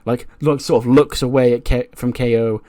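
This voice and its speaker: A man's voice: medium pitch, steady tone, normal speed, a little mellow, no room sound, clean studio sound. A man casually narrating a wrestling management game, chatty with lots of fillers. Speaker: let's play host.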